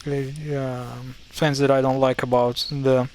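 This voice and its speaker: A man's voice: medium pitch, level tone, slow, a little mellow, a little hiss or hum. Hesitant man explaining pronunciation. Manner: hesitant, many fillers and self-corrections. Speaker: language teacher. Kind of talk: casual explanatory lesson.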